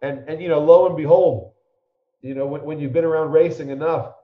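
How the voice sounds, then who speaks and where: A man in his fifties spins a long, winding story, slipping into the voices of the people in it. His voice sits at an ordinary middle pitch. The recording sounds roomy and a bit muffled. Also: steady tone, fairly quick. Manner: rambling anecdotes, acts out the people he quotes. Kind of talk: conversational storytelling.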